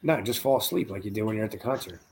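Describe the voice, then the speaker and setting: A man's voice: lowish voice, animated, rapid-fire, background noise. A man hosting a podcast, tired and laid-back, rambling casually and swearing. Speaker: podcast host. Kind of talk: casual chat.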